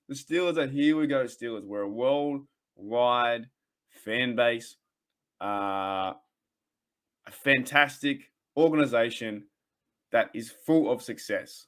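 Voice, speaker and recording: An Australian man rants on his own podcast, recorded alone in his room. He talks at an ordinary middle pitch and rambles with many restarts. He keeps up a heated, trash-talking fan energy. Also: unhurried, a bit bright. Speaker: podcast host. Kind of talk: solo fan rant podcast.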